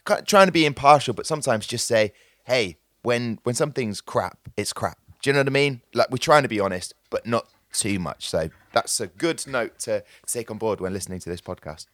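A man chats on a podcast, telling stories in an animated, jokey manner. His voice sits in a middle pitch, recorded close and dry. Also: a little fast, few pauses, no room sound. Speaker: podcast co-host. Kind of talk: casual chat.

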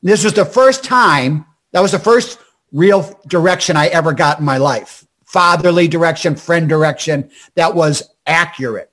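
High-voiced older comedian telling stories. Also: male voice. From Scranton, Pennsylvania. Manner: rapid, animated anecdotes with restarts and quoted voices. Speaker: comedian and actor guest. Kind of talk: storytelling interview chat.

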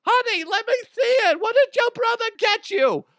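Man doing a shrieking, fussing mother, loud and high, dry booth sound. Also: lively intonation, moderate pace, dry recording, full character voice. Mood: frantic. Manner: high, frantic, squealing. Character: shrieking excited middle-aged mother, fussing.

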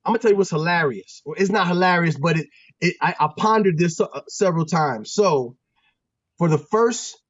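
A man from Pennsylvania, a former football player and guest, telling stories in a casual, animated, slangy way with lots of restarts. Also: fairly high pitch, moderate pace, dry recording, muffled recording. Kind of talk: casual storytelling.

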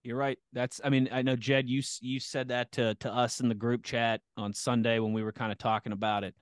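Lively storytelling man, dry close sound. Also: medium pitch, a little fast, no room sound. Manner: animated storyteller who laughs often and acts out quotes. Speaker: podcast co-host and sports radio reporter. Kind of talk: casual storytelling chat.

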